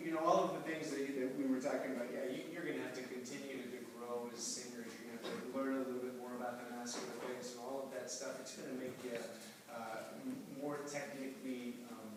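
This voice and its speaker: A man gives a choir encouraging feedback, halting and full of fillers. He is recorded from a distance in a very echoey hall. Clear background noise runs under his voice. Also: mid-range voice. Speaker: choir adjudicator.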